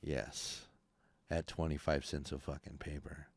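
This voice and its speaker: A man hosting a podcast, telling a story in animated, profane, casual talk and acting out the voices of people in it. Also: extremely low pitch, unhurried, creaky, no room sound, clean studio sound. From California. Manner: animated, swears constantly, acts out voices in his stories. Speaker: podcast host. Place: podcast studio.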